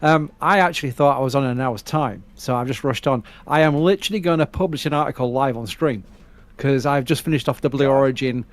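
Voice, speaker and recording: A man with a northern English accent, co-hosting a live launch stream in a chatty, rambling way, quick to laugh. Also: mid-range voice. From northern England. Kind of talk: casual live-stream commentary.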